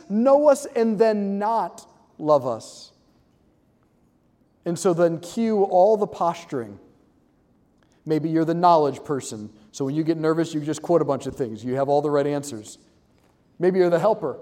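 A man giving an animated, joking talk to a live audience, acting out quick voices. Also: high voice, long reverb tail. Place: large hall with audience.

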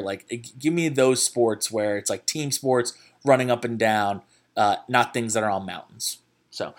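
A man's voice: medium pitch, fairly bright tone. Rambling, self-mocking young man host. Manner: rambling, profane, self-mocking, many restarts. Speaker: podcast host. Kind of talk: casual storytelling monologue.

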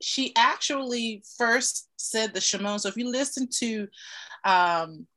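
A woman's voice: fairly high pitch, measured pace, fairly bright tone. Enthusiastic woman podcast co-host. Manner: enthusiastic, repeats words. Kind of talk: casual chat.

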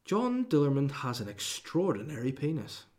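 A man's voice: mid-range voice, wildly swooping pitch, normal speed, a little mellow, voice pushed up. A man putting on the voice of a prim, posh male newsreader, reading aloud in an exaggerated plummy manner. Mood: mock-posh. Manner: plummy, overly proper reading voice.

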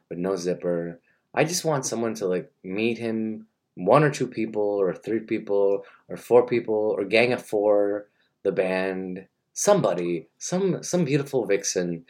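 A man's voice: fairly low pitch, darkish tone. Rambling mock-earnest young man. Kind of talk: rambling comedic monologue.

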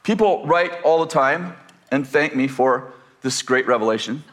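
At a measured pace, an older preacher with a medium-pitched, fairly bright voice delivers a sermon. A rambling family story, heavy with fillers and restarts, gives way to rising, emphatic proclamations.

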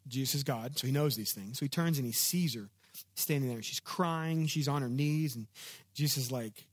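A man's voice: mid-range voice, moderate pace. A man pastor giving a sermon in a conversational, storytelling way and calling on the congregation to answer back.

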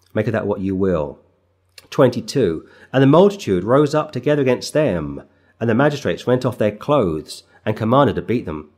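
A middle-aged man, a street preacher and pastor, giving an earnest, emphatic sermon on scripture that builds to forceful bursts. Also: medium pitch.

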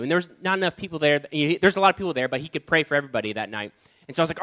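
Male preacher, sermon storytelling, bright, slightly high voice, animated delivery. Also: quick pace. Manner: animated, storytelling, acts out his own lines.

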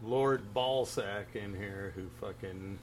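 A man's voice: lowish voice, slow, a little hiss or hum. A man hosting a casual chat, reacting and swearing in a laid-back way.

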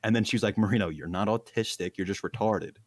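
A man's voice: fairly low pitch, fast talker, dry recording. A young man telling a long, wild story in casual chat, full of slang, fillers and laughs at himself.

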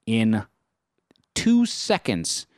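A man talking in a casual chat, worked up and animated as he tells his stories. His voice is smooth and clear, and the mic is close and dry with no room sound. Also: on the low side, extremely slow, dry recording. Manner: animated, fired-up storyteller.

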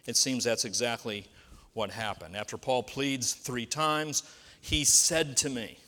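A man's voice: medium pitch, unhurried, sharp tone, long reverb tail. A pastor preaching a sermon in a conversational way, asking his listeners rhetorical questions.

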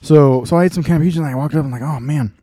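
A man's voice: a little high, very fast, warm tone, no echo, studio quality. A man casually chatting while watching a game live, rambling with lots of fillers and restarts. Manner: laid-back, chuckles between thoughts. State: voice getting lower and tired. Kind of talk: casual live-stream chat.

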